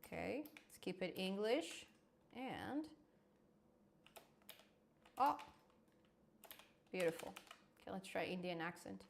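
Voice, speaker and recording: A woman's voice: medium pitch, expressive, takes it slowly, gravelly, long pauses, slight background noise. A woman hosting a casual live coding stream, thinking aloud as she works and answering chat.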